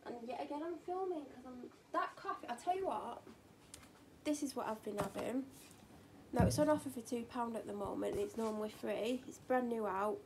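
British woman rambling away in a kitchen vlog, higher voice with some fry, faint hiss behind. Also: fairly quick. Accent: British English. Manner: rambling, chatty and hyper. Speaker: vlogger. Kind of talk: chatty home vlog. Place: home kitchen.

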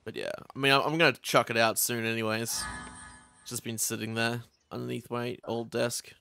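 A man's voice: mid-range voice, steady tone, moderate pace, creaky, pushed and bright, clean tone, soft background music. A young man streaming a game at home, chatting casually, swearing a lot and laughing often as he rambles through stories.

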